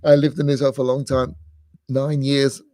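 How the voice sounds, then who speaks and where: A man's voice: mid-range voice, flat delivery, normal speed, mellow, no echo, clean studio sound. A middle-aged man from England, a rabbi giving a rambling lecture, full of restarts and fillers, amused by his own asides. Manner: digressive, many restarts and fillers, self-amused.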